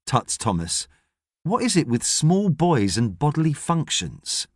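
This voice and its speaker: A man narrating an audiobook with expressive storytelling. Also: mid-range voice, a little slow, no echo, studio quality. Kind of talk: scripted narration.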